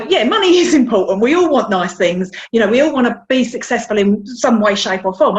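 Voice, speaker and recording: A talkative woman with a broad South London accent, speaking candidly in an interview. Her voice sits at a middling pitch, and she repeats herself for emphasis. The recording sounds a little dull and muffled. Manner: chatty, frank, self-deprecating, repeats words. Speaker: guest.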